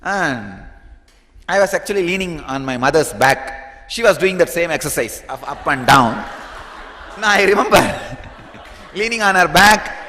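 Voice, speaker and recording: Animated Tamil-accented spiritual teacher. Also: male voice, on the high side, unhurried, long pauses, a little hiss or hum. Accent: Tamil-influenced Indian English. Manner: animated, laughing, acts out quoted voices. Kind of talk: storytelling spiritual talk. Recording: reverberant hall.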